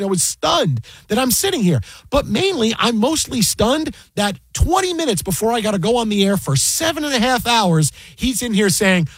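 A man who works as a sports broadcaster, casually recounting a work story in an animated, exasperated way. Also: high voice, a little fast, husky, dry recording. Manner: animated, exasperated retelling with repeated asides. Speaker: fantasy football broadcaster.

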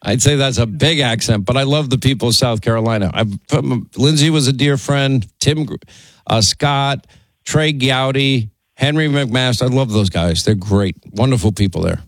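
Man, talk radio host, quick repetitive restarts, dry studio sound. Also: mid-range voice, no room sound. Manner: rapid, self-interrupting, stammering restarts.

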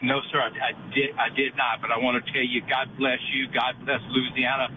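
A man's voice: mid-range voice, little pitch movement, moderate pace. A male caller, eager and full of blessings for the host. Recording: tinny phone line with loud road noise.

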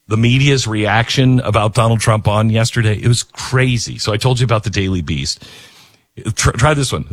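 Husky, animated middle-aged talk radio man. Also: medium pitch, no echo, studio quality. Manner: animated, rambling, self-mocking, laughs often. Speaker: radio talk show host.

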